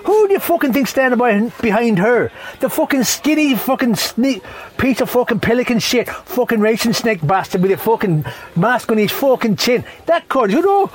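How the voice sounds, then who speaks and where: A middle-aged Irish man rants in a high, swooping voice, swearing in nearly every breath. He rambles from complaint to complaint with a tipsy, rough-edged comic energy. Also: animated, normal speed. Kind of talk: profane comedic rant.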